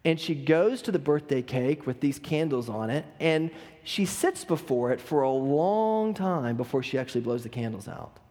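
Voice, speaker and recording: A man's voice: mid-range voice, animated, moderate pace, a little mellow. Pastor guy preaching and storytelling, earnest, echoing church hall. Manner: earnest storytelling, some repeats. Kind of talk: sermon. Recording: long hall reverb.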